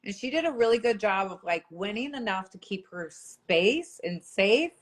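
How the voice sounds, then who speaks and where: A woman's voice: medium pitch, lively intonation, moderate pace. A young woman, a former reality show contestant, chatting casually on a livestream, rambling with lots of fillers and laughing often. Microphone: phone.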